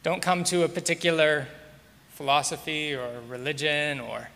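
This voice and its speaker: A man preaching a sermon as pastor, measured and repeating key words for emphasis. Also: fairly high pitch, creaky, sharp tone. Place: church sanctuary. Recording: long hall reverb.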